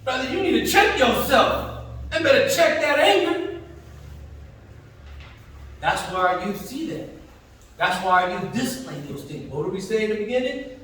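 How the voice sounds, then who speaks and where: A man's voice: high-pitched, very animated, moderate pace, pauses often, fairly bright tone, slight background noise. A man giving a Friday sermon in a mosque, emphatic and slangy, stopping to act out everyday voices. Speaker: Friday prayer preacher. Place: mosque hall. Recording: echoey hall, voice from far off.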